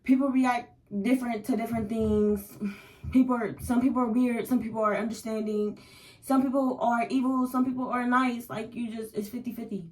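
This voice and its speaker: A woman's voice: fairly high pitch, steady tone, moderate pace, low-quality recording. A young woman, telling candid, rambling stories in a casual vlog. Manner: candid, slangy, rambling storyteller with filler words. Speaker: vlogger. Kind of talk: casual story-time vlog.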